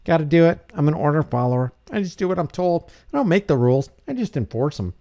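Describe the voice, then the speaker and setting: A man voicing a dull male clerk who enforces rules in a deadpan, apologetic way. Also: on the high side, quick pace.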